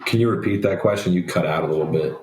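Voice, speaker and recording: Man, very deep voice, young adult, reflective and relaxed, lots of ums, roomy remote call sound. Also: quick pace. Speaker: guest. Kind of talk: casual interview talk.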